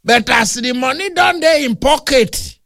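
A man with a Nigerian accent preaching a humorous, animated sermon that mixes storytelling with playful big words. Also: extremely high pitch, measured pace, creaky, no room sound, clean studio sound.

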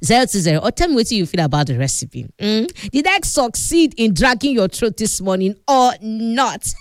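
A woman's voice: fairly high pitch, big pitch swings, normal speed, few pauses, dry recording. A woman with a Nigerian accent hosting a radio cooking talk, chatty and instructive, laughing often as she talks. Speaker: radio host.

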